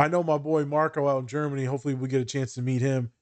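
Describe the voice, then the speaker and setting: A man's voice: mid-range voice, steady tone, very fast, a little mellow, no room sound. A man with a mid-range voice chats on a podcast, recorded close and dry. He sounds easygoing and affirming, and he steers the conversation along. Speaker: podcast host. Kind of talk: casual podcast chat.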